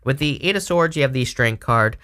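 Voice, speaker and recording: A man hosting his own channel gives a casual, meandering tarot reading, tossing asides to his viewers. His mid-range voice is expressive, fairly quick and sharp in tone.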